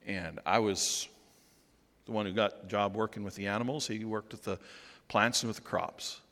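A man preaching while playing Abel, a young biblical shepherd, speaking softly and earnestly with stumbling restarts, in a reverberant hall. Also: on the low side, steady tone, normal speed, pitched below the performer's own voice. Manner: soft-spoken, rambling with restarts.

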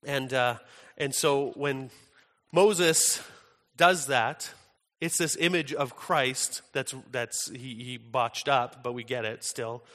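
Male pastor, conversational sermon, bright tone, long hall reverb. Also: mid-range voice, steady tone, slow pace. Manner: conversational storytelling with fillers and restarts.

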